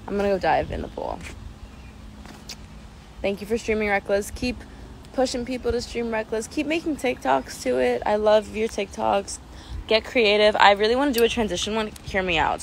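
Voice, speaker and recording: A woman talks casually to her fans on a phone live stream from home, rambling with plenty of fillers and light giggles. Her mid-pitched voice carries a lot of creaky vocal fry. Some faint household noise sits behind her. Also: normal speed, rough recording.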